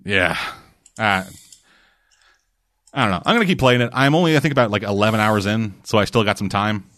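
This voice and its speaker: A man's voice: lowish voice, brisk, fairly bright tone, dry recording, studio quality. A man co-hosting a casual gaming chat, rambling and swearing freely, with lots of restarts and fillers. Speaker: podcast co-host.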